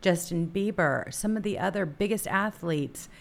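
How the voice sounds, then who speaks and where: A woman's voice: fairly low pitch, normal speed, gravelly. A woman hosting a casual talk show, indignant and emphatic.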